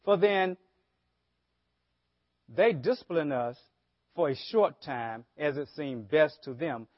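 Slow-preaching pastor, man. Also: fairly high pitch, expressive, no echo. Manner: preaching with rhetorical questions to the congregation. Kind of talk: sermon. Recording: dull lo-fi sermon audio.

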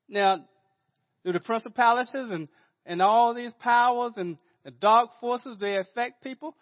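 A man's voice: extremely high pitch, expressive, measured pace. A male pastor preaching a sermon in a conversational way, often repeating words and restarting sentences. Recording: dull lo-fi sermon audio.

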